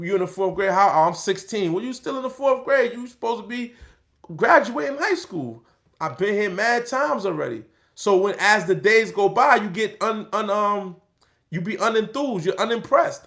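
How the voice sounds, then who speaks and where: Middle-aged man, high gravelly voice, loose and animated street talk. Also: moderate pace. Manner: street slang, animated, acts out quoted voices. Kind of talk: casual storytelling talk.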